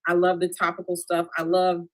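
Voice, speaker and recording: A woman's voice: lowish voice, brisk, rough recording. Chatty woman doing stand-up. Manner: animated, talks straight to the crowd with "y'all". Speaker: stand-up comedian. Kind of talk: stand-up comedy set over a video stream. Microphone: remote video call.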